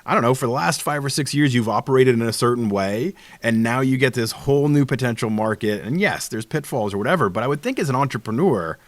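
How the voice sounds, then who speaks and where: A man's voice: mid-range voice, expressive, fast, hardly any pauses, dry recording. A man hosting an interview, asking long, rambling, enthusiastic questions. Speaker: interview host. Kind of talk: casual interview conversation.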